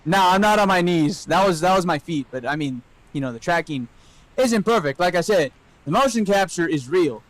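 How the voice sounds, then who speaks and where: Male streamer, slightly high voice, playful and jokey, casual stream chat. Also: animated, moderate pace, no echo, poor audio. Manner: playful, joking, swears freely. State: out of breath. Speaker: VTuber streamer.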